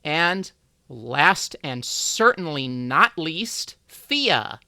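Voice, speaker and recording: A game master running a tabletop game on a live stream, relaxed and halting, with many fillers. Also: mid-range voice, gravelly, no echo, clean studio sound.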